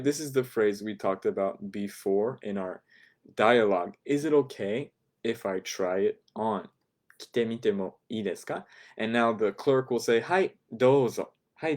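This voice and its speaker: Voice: medium pitch, a little mellow. A language teacher explaining a lesson in a chatty way, with ums and laughing asides.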